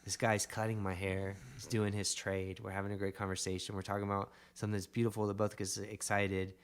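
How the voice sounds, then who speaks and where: A man's voice: on the low side, level tone, fairly quick, smooth. A young adult man, a podcast guest, telling a rambling story in casual conversation with emphatic bursts.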